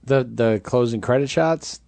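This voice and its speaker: A man's voice: mid-range voice, measured pace, gravelly, a little mellow, dry recording. Wry man co-hosting a movie chat. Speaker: podcast co-host. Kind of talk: casual movie-review chat.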